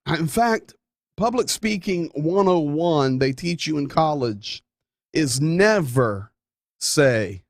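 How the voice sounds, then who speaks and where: A man's voice: high-pitched, sing-song, takes it slowly, no echo, studio quality. Folksy, emphatic talk show host man. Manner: folksy, emphatic, playful asides. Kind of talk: conservative talk show monologue.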